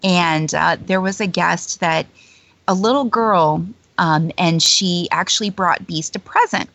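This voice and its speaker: A woman's voice: fairly low pitch, unhurried, creaky, fairly bright tone, no echo. A woman who is a guest on an interview show, telling anecdotes in chatty, casual talk full of fillers and frequent laughter. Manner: chatty storyteller, many fillers, laughs often. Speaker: guest, former theme-park character performer. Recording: dull lo-fi dry recording.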